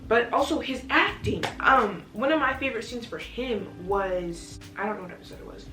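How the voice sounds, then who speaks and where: A young woman chatting excitedly as she reviews a TV series, in a gushing, rambling way. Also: fairly low pitch. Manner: gushing, chatty, restarts often. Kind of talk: casual chat. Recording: echoey room from a distance, music behind.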